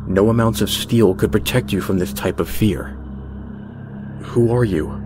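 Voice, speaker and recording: A man narrates a horror story in a measured, tense voice pitched a little low. His delivery stays steady and deliberate. Background music runs under the reading.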